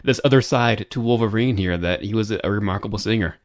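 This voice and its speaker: A man's voice: on the low side, quick pace, background noise. A man hosting a casual interview, asking questions and chiming in with brief, encouraging remarks. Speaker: podcast host.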